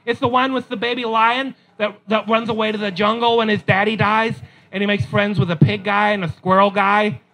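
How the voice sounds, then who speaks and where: A man's voice: high voice, level tone, fairly quick, hardly any pauses, sharp tone, poor audio. A man voicing his small daughter as an insistent, matter-of-fact little girl in a stand-up story.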